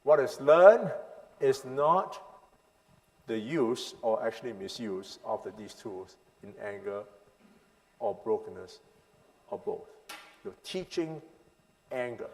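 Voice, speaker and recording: A pastor leads a parenting seminar in a church hall as sermon-style teaching to his congregation, emphatic and full of rhetorical questions, swinging between loud and hushed lines. His mid-range voice has lively intonation, and he goes slowly with frequent pauses. The recording carries a long hall reverb.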